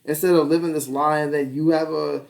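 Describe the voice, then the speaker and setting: A man's voice: a little high, level tone, a little fast, creaky, darkish tone. A man co-hosting a podcast in casual chat, rambling and swearing, often laughing. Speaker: podcast co-host. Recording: distant mic.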